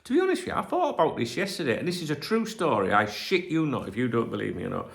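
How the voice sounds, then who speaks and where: A man's voice: medium pitch, very animated, quick pace, vocal fry. A man in his forties with a Northern English accent, chatting casually on a home livestream as host, rambling, sweary and jokey. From north of England. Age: 40s. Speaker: channel host.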